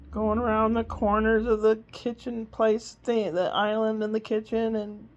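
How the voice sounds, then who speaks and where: A woman's voice: medium pitch, a little mellow, muffled recording. A woman vlogging in casual chat, rambling through a homey story with plenty of fillers, from her living room.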